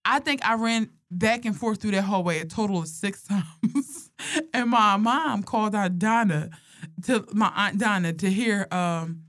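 A woman's voice: medium pitch, a little slow, no room sound, studio quality. A young woman telling funny personal stories in casual chat, laughing often and swearing freely. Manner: animated, laughing, profane storytelling.

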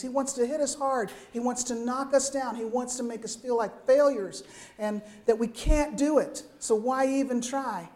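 An older woman preaching a sermon in a conversational, lively way, often checking in with her listeners with quick asides. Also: a little high.

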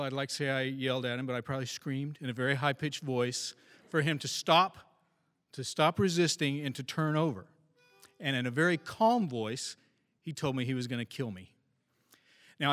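A man's voice: on the high side, a bit bright. Man telling a story in a reverberant hall. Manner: wry, self-deprecating storyteller. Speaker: former police officer. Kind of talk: first-person storytelling.

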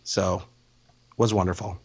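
A man's voice: sits low, little pitch movement, measured pace, a little mellow, slightly rough. A man hosting a casual podcast chat in an easygoing manner. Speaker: podcast host.

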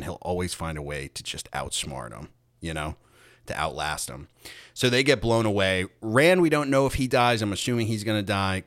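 A young man talks in a very low, deep register, hosting a casual podcast chat. He recaps a show loosely, swearing often and quoting characters. The sound is dry and close. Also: a bit bright, no room sound. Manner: profane, rambling recap with quoted impressions. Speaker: podcast host.

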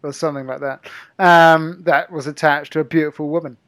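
A man's voice: on the high side, steady tone, a little fast, fairly bright tone, no echo. A man chatting casually about a film on a podcast, laid-back, with dry sarcastic asides. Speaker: podcast co-host. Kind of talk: casual film review chat.

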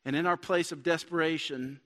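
Earnest pastor preaching in a reverberant church. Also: male voice, a little high, steady tone, brisk, sharp tone. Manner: earnest, building to emphatic. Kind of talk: sermon. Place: church sanctuary. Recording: long church hall reverb.

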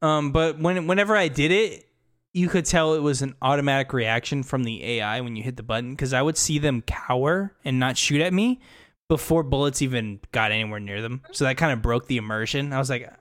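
A man's voice: mid-range voice, a little fast, a bit bright. A man in casual chat about a video game, talking loosely, swearing freely and acting out characters' lines. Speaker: podcast co-host.

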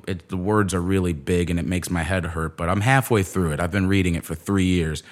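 A man telling a sarcastic, profane story in a casual rant, full of asides. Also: fairly low pitch. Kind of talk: casual ranting monologue.

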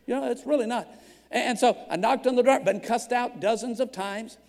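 A pastor in his fifties preaches with a gravelly, high voice, moving from humorous stories to fervent calls. His voice rings out in a long church-hall reverb. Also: brisk, a little mellow. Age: 50s. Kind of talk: sermon.

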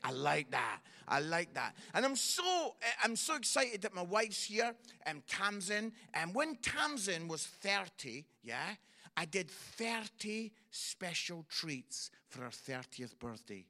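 A Scottish man works a stand-up crowd in a chatty storytelling style. His voice sits high and bright, and it swings up and down a lot as he tells the story and keeps the audience involved. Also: sing-song, takes it slowly, creaky. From Scotland. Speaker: stand-up comedian. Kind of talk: stand-up comedy routine.

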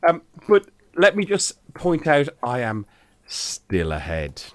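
A man's voice: mid-range voice, huge pitch swings, takes it slowly, no echo. Joking Irish man hosting a podcast. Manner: joking, swearing, laughs a lot. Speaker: podcast host. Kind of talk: casual chat.

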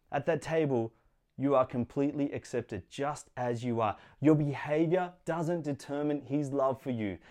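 A man's voice: high voice, darkish tone. A young adult man preaching a sermon in an earnest, conversational way, with playful asides.

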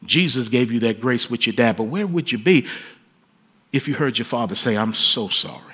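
Man preaching a sermon, husky bright voice, hushed then rising to shouted peaks. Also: mid-range voice, normal speed. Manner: swings from hushed pleading to soaring shouted emphasis. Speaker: pastor.

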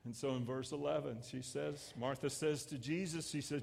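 A man pastor preaching a sermon, swelling loud and then dropping to hushed lines. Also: medium pitch, unhurried, gravelly. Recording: echoey hall with long reverb.

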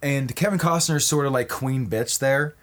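A man riffing crudely and at length, pitching an absurd movie idea to his co-host in casual comedic talk. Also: normal speed. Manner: animated, crude, rambling storyteller.

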